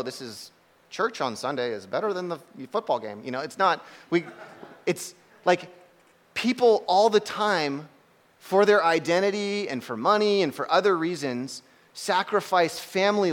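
Man, young, preacher, casual sermon, animated storytelling, fairly high voice. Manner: animated, conversational, acts out shouts and laughs.

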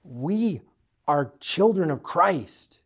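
A man preaching a sermon, swinging between forceful emphasis and quiet, hushed appeals to the listener. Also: fairly high pitch, expressive, very slow, breathy edge.

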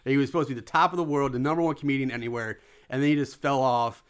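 A man's voice: mid-range voice, steady tone, racing, smooth. A man on a podcast casually mocking a movie, rambling with lots of "like" and plenty of swearing. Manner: rambling, full of "like", mocking, profane. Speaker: podcast co-host. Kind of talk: casual movie review chat.

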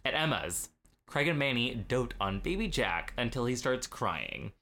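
A young man co-hosting a casual podcast, recapping an episode with an animated, laughing delivery and quick acted-out quotes. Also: mid-range voice, a little hiss or hum. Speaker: podcast co-host.

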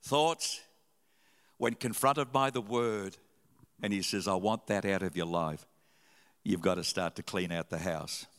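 A male pastor preaching a sermon, telling stories with sudden loud, animated rises. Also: deep voice, measured pace, pauses often. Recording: long hall reverb.

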